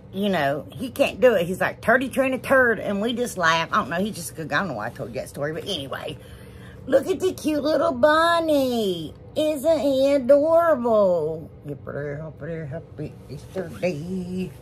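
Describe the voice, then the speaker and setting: An American woman hosts a casual DIY crafts vlog, rambling, gushing over what she shows, and saying "y'all" often. Her voice is mid-range and a bit bright, with slight background noise.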